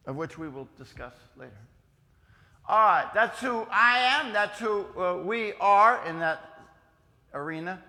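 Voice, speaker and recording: An older man teaching a youth group in a church hall, folksy and teasing, with lively asides to the audience. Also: high-pitched. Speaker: youth speaker. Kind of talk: lively classroom lesson. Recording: long reverb of a hall.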